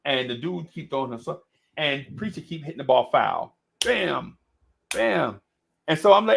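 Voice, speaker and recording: A middle-aged man spinning a story in casual talk, laughing along and tossing in "bro" again and again. His voice is gravelly, and his pitch jumps all over the place as he gets into the story. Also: normal speed. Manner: animated, laughing, says "bro" a lot. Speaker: podcast host.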